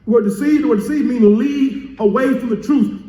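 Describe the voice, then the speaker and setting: High-voiced man preaching call-and-response. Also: moderate pace, far from the mic. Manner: call-and-response preaching, repeats key phrases; surges from soft teaching to shouted emphasis. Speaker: pastor. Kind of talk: sermon. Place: church sanctuary. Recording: echoey church room.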